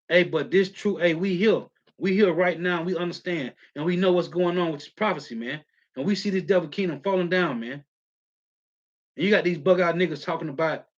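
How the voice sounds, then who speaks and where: A man preaching in a slangy, emphatic way, keeping up a steady "man" as he reads and comments on scripture verses. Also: fairly high pitch. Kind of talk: street-style scripture teaching, reading verses. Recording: muffled lo-fi audio.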